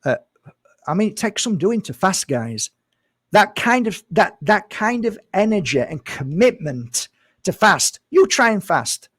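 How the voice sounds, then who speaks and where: Brief: male vlogger, higher-pitched, dry close sound, loose earnest monologue full of repeats. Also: big pitch swings, measured pace, fairly bright tone, slightly rough, no room sound. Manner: earnest and rambling, repeats phrases, addresses viewers as guys. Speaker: spiritual healer and vlogger. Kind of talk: casual talk to camera.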